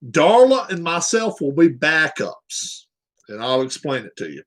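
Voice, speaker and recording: A man with a slightly high voice talks casually on a live stream. He rambles and chats with his viewers at an unhurried pace, his pitch swinging up and down. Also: big pitch swings, a bit bright, low-quality recording. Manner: rambling, chatting with viewers while setting up a game.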